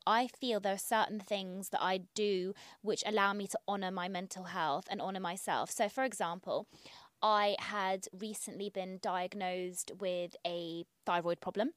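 A woman who works as a healthcare professional, a guest in casual chat, telling animated stories and mimicking others in quotes. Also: mid-range voice, no echo, clean studio sound.

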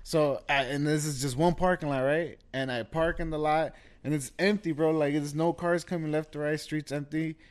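A man's voice: a little high, steady tone, moderate pace. A man in casual podcast chat, telling laid-back stories full of slang and swearing.

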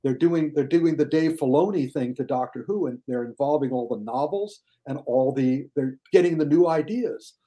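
An older man talking casually as a podcast guest, lively, often mimicking others in high mocking voices. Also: normal speed, few pauses. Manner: animated, mocks critics in high shouted voices. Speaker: guest film critic.

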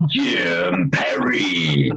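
A man's voice: low voice, huge pitch swings, very slow, sharp tone, pitched below the performer's own voice, heavily acted. Man doing a spoof late-night announcer. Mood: mock-ominous. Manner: ominous spoof trailer delivery. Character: mock dramatic male late-night show announcer. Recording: muffled lo-fi audio.

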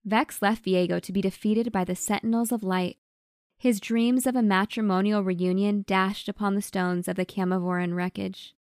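A woman reading a dark, wry storybook tale in a dramatic narrating voice, with hushed asides. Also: mid-range voice, fairly even intonation, normal speed, no room sound, studio quality.

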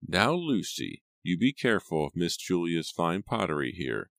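A man's voice: low voice, sing-song, moderate pace, gravelly, fairly bright tone, no echo, studio quality, full character voice. A man narrating an audiobook voices a deferential middle-aged housekeeper who speaks politely and formally.

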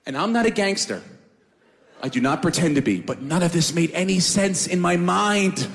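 Man, comic storytelling, animated, profane, lively pitch, reverberant room. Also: moderate pace, creaky. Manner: animated, profane, self-mocking. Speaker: storyteller on a podcast.

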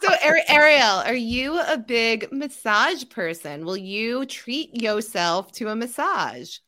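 A woman's voice: a little high, animated, takes it slowly, pushed and bright. A woman co-hosting a casual television recap podcast, playful and often laughing. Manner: giggly, playful, mimics characters' lines. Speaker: podcast co-host.

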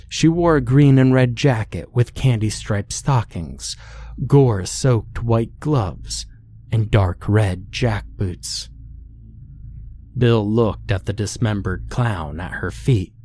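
Male horror-story narrator, low-pitched, unhurried and measured. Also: warm tone.

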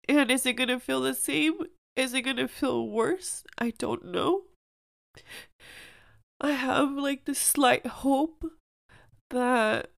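A woman's voice: high-pitched, vocal fry, no echo. A young woman hosting a podcast, speaking earnestly and emotionally in a personal monologue, at times close to tears. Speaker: podcast host.

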